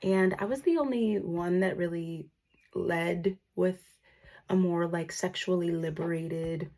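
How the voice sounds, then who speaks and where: A woman's voice: fairly low pitch, measured pace, warm tone. A young woman talking to camera in a casual personal vlog, emotional and grateful, holding back tears at times. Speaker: vlogger.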